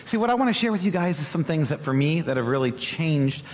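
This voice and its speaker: A young man giving a conversational sermon as a preacher, animated and talking straight to the congregation with asides. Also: fairly high pitch, fast. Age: young adult. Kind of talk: sermon teaching. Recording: hall reverb.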